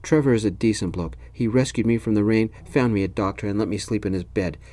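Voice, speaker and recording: A man's voice: on the low side, quick pace, warm tone, natural voice. A man voicing a sick, easygoing young man from England, with a congested, nasal voice, in a whispered role-play. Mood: defiant.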